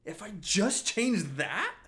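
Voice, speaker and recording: Rambling man hosting a podcast, higher voice. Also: very animated, slow, bright, forceful tone. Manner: rambling, laughs often, restarts words. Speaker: podcast host. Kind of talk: casual solo podcast chat.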